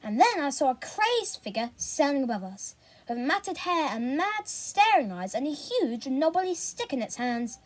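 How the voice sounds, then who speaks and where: A woman reads a children's novel aloud with expressive, animated delivery. Her voice is high, and her pitch rises and falls a lot. She reads in a steady storytelling style. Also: unhurried. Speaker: reader.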